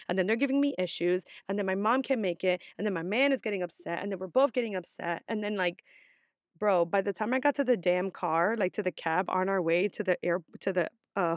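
A woman's voice: mid-range voice, dry recording, studio quality. A young adult woman vlogger telling a story in a casual, chatty way, full of swearing and "like" fillers.

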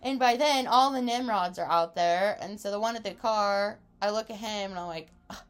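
Smooth and mid-range, this woman's voice moves at a normal speed. She's a podcast co-host in her twenties, animatedly recounting a wild story in casual conversation, laughing a lot and performing other people's lines.

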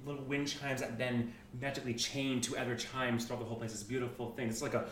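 A man running a tabletop game, describing scenes in animated, stumbling bursts. His voice bounces around a roomy space. The mic sits well away from him. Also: mid-range voice, slight background noise. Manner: animated, halting describer with many restarts. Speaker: game master. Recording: roomy room, distant mic.

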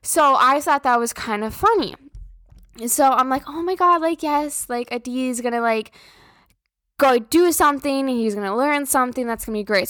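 A woman's voice: a little high, a bit bright, no room sound. Profane rambling young woman. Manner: profane, rambling, filler-heavy. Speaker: podcast host. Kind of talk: casual venting monologue.

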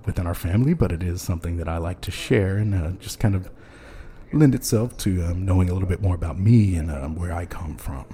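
A man's voice: sits low, dark tone. A man hosting a podcast, chatting loosely with many ums and uhs and frequent chuckles. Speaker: podcast host. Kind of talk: rambling casual chat.

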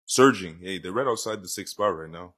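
A man's voice: low-pitched, a little fast, a bit bright, slightly rough. A man co-hosting a casual sports and betting podcast, talking in a laid-back, slangy way and laughing often. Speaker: podcast co-host.

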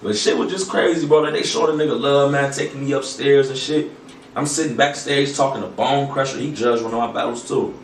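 Animated man telling stories in an echoey room. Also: mid-range voice, a little fast, gravelly. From Toledo, Ohio. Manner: animated, swears a lot, acts out quoted voices. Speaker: guest battle rapper. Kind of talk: casual podcast storytelling. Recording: echoey room, mic far off, faint noise.

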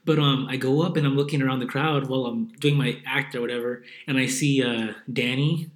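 Young dude host, talks quick, slangy and swearing, echoey room. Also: male voice, mid-range voice, steady tone. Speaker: podcast host. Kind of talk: casual chat.

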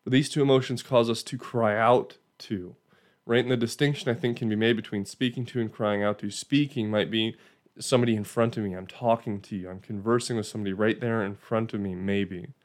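A man's voice: on the low side, fairly even intonation, brisk. A man giving an informal Bible teaching in a conversational way, often checking in with "right?" and restarting phrases.

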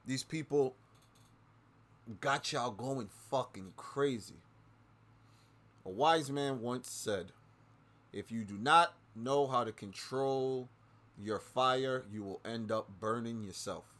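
On his own podcast, a man rants angrily about politics, speaking slowly and pausing often. He curses nonstop and repeats lines for emphasis, alternating between low mutters and loud eruptions.

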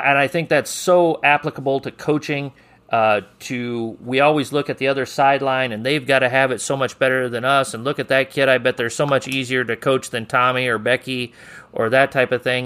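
In a casual interview on his coaching podcast, the host keeps things easygoing and chatty, ribbing his guest and reading a quote of the day. His voice is medium-pitched with a fairly bright tone.

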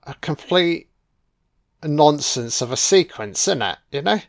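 A man's voice: a little high, animated, a little slow, creaky. A man giving a profane, sarcastic commentary on a film as it plays.

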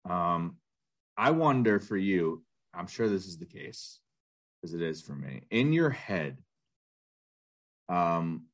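A man's voice: sits low, big pitch swings, slow pace, pauses often. A man in his thirties co-hosting a casual podcast, rambling with lots of filler words. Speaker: podcast co-host. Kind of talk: casual chat.

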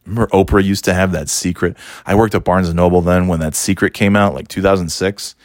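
A man with a low, steady voice hosts a casual solo podcast, rambling sarcastically and profanely into his phone as he walks. He talks fairly quickly, and the audio is studio quality with no echo.

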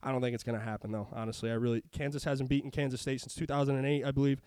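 A man's voice: mid-range voice, very fast, clean tone, no echo. A man hosting a sports betting podcast, talking casually and ranting with lots of swearing. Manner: profane, ranting, animated. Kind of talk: casual chat.

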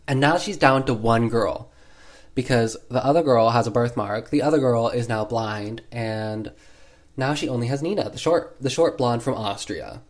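A man retelling an old film in a casual, sarcastic way, full of 'like' fillers. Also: medium pitch. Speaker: movie recap host. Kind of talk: casual movie recap.

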